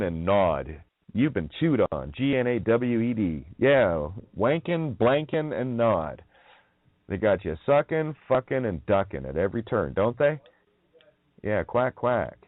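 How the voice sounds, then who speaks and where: A man's voice: lowish voice, no room sound. A man hosting a rambling solo radio monologue. He talks in a profane, mocking way, laughs often and plays on the sounds of words. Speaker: radio show host. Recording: narrow, tinny phone-like audio.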